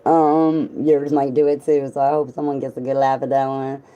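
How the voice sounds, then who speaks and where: A woman with a raspy voice that is still recovering, chatting casually and rambling between jokes and bits of song. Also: extremely low pitch, little pitch movement, normal speed, mellow, muffled recording. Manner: rambling, joking, breaks into song. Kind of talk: casual vlog with singing.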